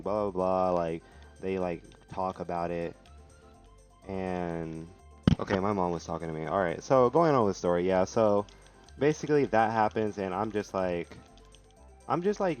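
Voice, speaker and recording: A man's voice: low voice, darkish tone. A young man streaming live, telling a rambling, profane story in casual chat, full of "like", with faint music behind him.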